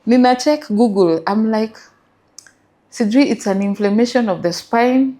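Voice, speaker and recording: Kenyan woman telling a story, mellow voice. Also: fairly high pitch, unhurried. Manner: animated storytelling with English and Swahili mixed. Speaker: guest. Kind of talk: interview storytelling.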